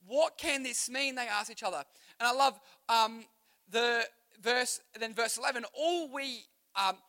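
A young Australian man preaching a live youth sermon at church, energetic and conversational, often asking the crowd questions. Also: very high voice. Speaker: youth pastor.

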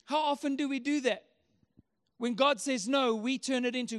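A man's voice: extremely high pitch, moderate pace. A man preaching a sermon as a pastor, earnest and emphatic, often repeating his key phrases.

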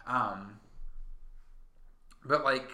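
A man's voice: mid-range voice, extremely slow, pushed and bright. A man co-hosting a podcast, talking casually in a rambling, profane way full of fillers. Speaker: podcast co-host. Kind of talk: casual chat. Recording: roomy echo.

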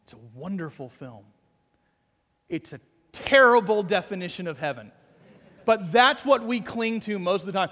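High-voiced male pastor in a reverberant hall. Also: expressive, moderate pace, pauses often, a bit bright. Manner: storytelling, self-deprecating humor, builds to fervent intensity. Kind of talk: sermon.

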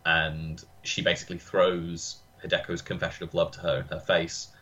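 A man's voice: deep voice, little pitch movement, moderate pace, sharp tone, highs cut off. A man co-hosting a podcast who recounts film scenes in detail with enthusiasm and swears casually. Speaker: podcast co-host.

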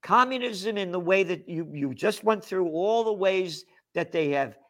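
A man's voice: high voice, animated, unhurried, fairly bright tone. A man hosting a political talk show, rambling and indignant, with many restarts and fillers. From United States. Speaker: host.

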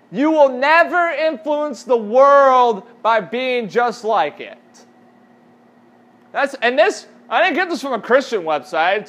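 A man's voice: extremely high pitch, fairly bright tone. A man as youth pastor, giving a casual sermon and asking the audience questions.

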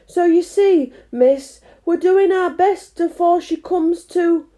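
A woman's voice: very high voice, takes it slowly, mellow, voice pushed up. A woman voicing Two, a humble, nervous male playing-card gardener with old-fashioned speech.

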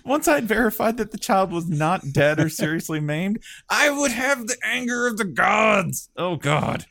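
A man co-hosting a comedy podcast, exasperated and prone to loud mock rants. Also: high voice, expressive, measured pace, gravelly, no room sound. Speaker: podcast co-host.

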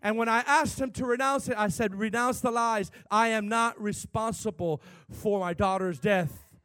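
A man, a pastor, preaching a sermon, swinging from shouted, fervent peaks to quiet, hushed storytelling. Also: sits high, steady tone, moderate pace, no echo.

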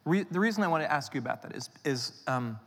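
A woman interviewer on a live stage with a bright, sharp tone and a lively voice that swings through its pitch. She talks in halting restarts and tosses in playful asides, and the sound rings with a long hall reverb. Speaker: interviewer, author. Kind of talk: onstage interview conversation. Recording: long hall reverb, heard from the mic's distance.

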